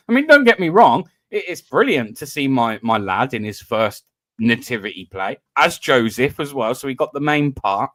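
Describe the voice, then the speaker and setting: A man from Britain runs a live voice-chat panel, chatting casually and telling self-mocking stories through online voice chat. His medium-pitched voice is sing-song at normal speed, a bit bright, and recorded dry.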